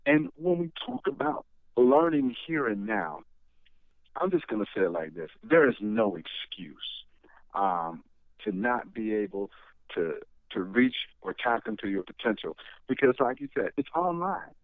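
A middle-aged man, a guest in an interview, talking in a motivational, animated way, often restarting his sentences. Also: mid-range voice, unhurried, dry recording. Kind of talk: conversational interview. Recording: tinny phone line.

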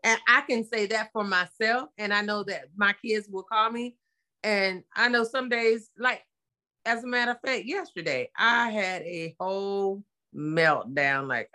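A middle-aged mother talking casually and bluntly, telling animated stories about her sons with plenty of slang. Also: medium pitch, measured pace. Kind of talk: casual chat.

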